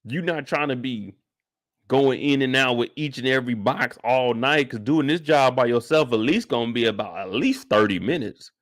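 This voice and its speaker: A young man hosting a casual live after-show, talking in loose slang and acting out reactions with sudden loud outbursts. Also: medium pitch, normal speed. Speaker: host.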